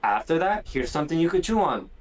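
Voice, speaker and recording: A man hosting a casual podcast on dog training, with a voice a little higher than most men's. He explains things in an animated, conversational way, says "dude" a lot, and slips into quick acted lines for puppies and owners. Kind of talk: casual instructional podcast talk.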